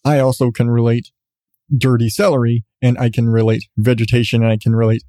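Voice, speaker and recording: A man's voice: medium pitch, little pitch movement, brisk, mellow, dry recording, clean studio sound. A man, host of a podcast, telling a story in a rambling, self-mocking way with frequent restarts. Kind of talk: casual storytelling.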